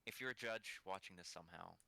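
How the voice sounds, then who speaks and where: A young man co-hosting a gaming podcast, rambling and jokey, with lots of halting restarts. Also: low-pitched, creaky, pushed and bright, no echo. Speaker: podcast co-host. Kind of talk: casual podcast chat.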